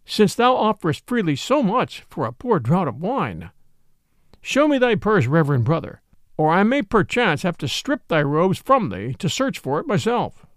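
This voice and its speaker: A man's voice: high-pitched, no echo, studio quality. A man voicing a bold, merry outlaw leader who talks in a jaunty, teasing way with old-fashioned speech.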